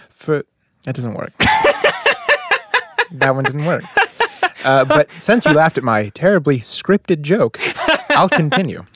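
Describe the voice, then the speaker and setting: Lively, animated man on a podcast. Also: fairly high pitch, a little hiss or hum. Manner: playful and jokey, with a lively, animated delivery. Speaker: podcast co-host. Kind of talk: casual chat summarizing a film.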